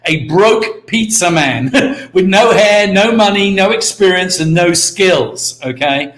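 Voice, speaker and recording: A British man giving an energetic motivational talk on a live stream, repeating key words and calling out to viewers by name. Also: high voice, slow, roomy sound. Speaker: network marketing mentor hosting a live stream.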